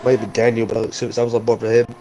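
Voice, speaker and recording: A man's voice: mid-range voice, completely flat delivery, very fast, lo-fi sound. A man commentating live on a sim race with a strained, fading voice and frequent startled exclamations. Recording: noisy stream audio with engine sound.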